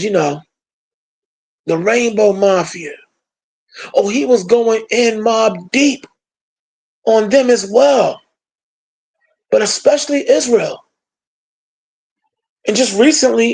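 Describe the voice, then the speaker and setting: Brief: gravelly commentator, emphatic and sarcastic, monologue delivery. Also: medium pitch, a little mellow. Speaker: political commentator. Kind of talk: opinion monologue.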